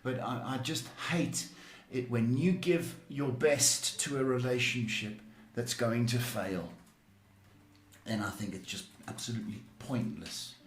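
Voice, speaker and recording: Male psychic host, slow and emphatic, blunt advice, roomy echo. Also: mid-range voice, slight background noise. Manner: emphatic, blunt advice with repeated words and restarts. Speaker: psychic tarot reader and show host. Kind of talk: live-stream advice show.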